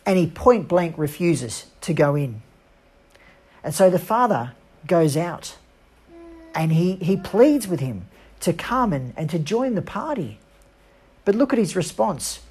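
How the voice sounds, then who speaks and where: Husky-voiced woman preacher. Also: lowish voice, very animated, a little mellow. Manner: earnest, emphatic preaching with dramatic pauses. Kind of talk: sermon.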